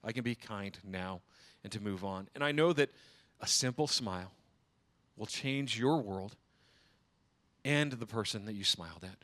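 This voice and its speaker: A man playing Santa at an event, giving a gentle, preachy holiday speech. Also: on the low side, animated, measured pace. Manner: gentle, preachy, blessing the crowd. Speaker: guest dressed as Santa. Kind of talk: short inspirational speech.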